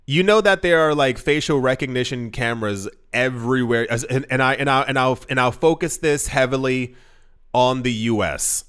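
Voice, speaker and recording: A man's voice: mid-range voice, a bit bright, clear, resonant tone. A young man giving casual commentary to camera, rambling with many restarts and incredulous asides. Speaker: crypto commentator.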